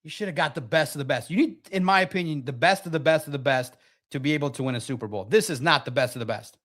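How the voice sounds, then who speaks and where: Chatty guy doing a sports reaction stream, slightly high voice, acts out little bits. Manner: animated, acts out quotes, laughs often. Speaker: sports talk show host.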